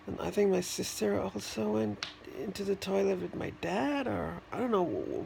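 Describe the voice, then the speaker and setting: A man in a casual vlog, telling a childhood story in a halting, rambling way, with many restarts and fillers. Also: high-pitched, animated, gravelly, darkish tone, a little hiss or hum. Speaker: vlogger.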